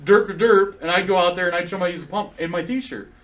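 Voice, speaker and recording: A man from South Dakota chatting casually on a podcast, a blunt and animated storyteller who acts out what people said. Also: sits high, quick pace. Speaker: podcast co-host. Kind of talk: casual chat.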